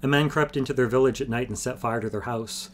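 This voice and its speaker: A man reading aloud and voicing an earnest young man raised on a farm, talking in a flat, matter-of-fact way, a little higher than his own voice. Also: quick pace, slight background noise, natural voice.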